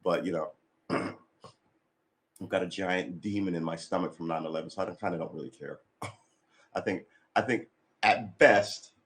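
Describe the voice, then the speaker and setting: Man, very low voice, livestreamer, offhand rambling chat, tired and cranky. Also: unhurried, pauses often. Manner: rambling, offhand, sighs and restarts. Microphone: desk mic being adjusted.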